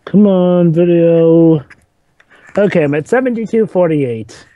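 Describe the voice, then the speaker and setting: A man's voice: a little high, expressive, measured pace, muffled recording. A man chatting jokily in a casual group movie commentary, often repeating himself. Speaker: commentary co-host.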